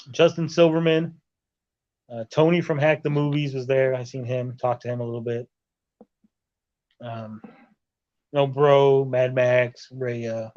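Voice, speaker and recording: A man's voice: medium pitch, dull audio. A man talking over a video call from a hotel room, telling a story in casual chat with lots of swearing and acting out other people's lines. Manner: animated, profane, acts out others' lines. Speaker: podcast host.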